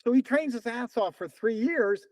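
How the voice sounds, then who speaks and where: A man around seventy, once a runner, is a guest in a casual storytelling interview, animatedly narrating and acting out other people's lines. His voice is extremely high-pitched at a moderate pace, with no room sound and a rough recording.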